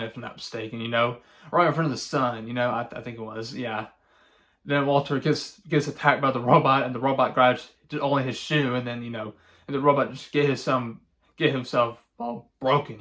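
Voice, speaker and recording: A man with a medium-pitched, slightly bright voice gives a casual spoken movie review. He rambles and halts with many fillers and restarts, often chuckling as he recounts scenes.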